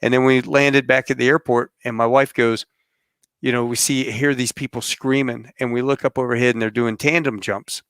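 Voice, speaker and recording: Man, podcast host, rambling animated storyteller, clear voice, dry close sound. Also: mid-range voice, moderate pace, no echo. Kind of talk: casual interview sign-off and storytelling.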